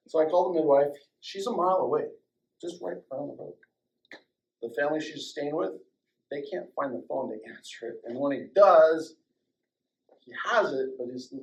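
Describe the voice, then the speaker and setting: An older man recounts a personal story in an animated way. He acts out the dialogue in raised voices and drops to a near-whisper at the tender moments. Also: on the high side, poor audio. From Colorado, United States. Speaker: chiropractor and guest speaker. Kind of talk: storytelling talk to a small audience.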